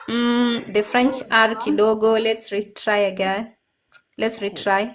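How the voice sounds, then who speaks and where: A woman teaching a French class, drilling pronunciations by slowly repeating each word. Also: a little high, level tone. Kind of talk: classroom language lesson. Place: classroom with students.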